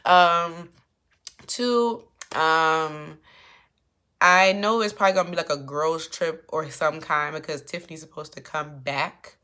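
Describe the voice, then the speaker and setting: Low-voiced woman recapping a tv episode, sassy and animated, acts out the lines. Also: unhurried. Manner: chatty and animated, acts out characters' lines with sass. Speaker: TV recap commentator.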